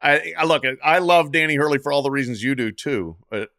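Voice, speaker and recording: A man co-hosting a sports podcast in a casual, expressive way, chuckling along. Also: a little high, brisk, dry recording, studio quality. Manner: expressive, lively rise and fall, chuckles along. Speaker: podcast co-host.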